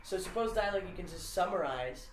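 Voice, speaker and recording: A woman's voice: fairly low pitch, lively intonation, fast talker, a little hiss or hum. Rambling woman in an echoey room. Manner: rambling, with many fillers of "like". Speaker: podcast guest explaining a comedy idea. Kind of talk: casual conversation.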